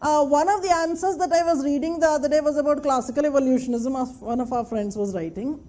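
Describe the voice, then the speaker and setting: Casting: female lecturer, high mellow voice, emphatic classroom delivery. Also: fast talker, slight background noise. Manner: emphatic, repeats points and checks the class follows. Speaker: anthropology lecturer.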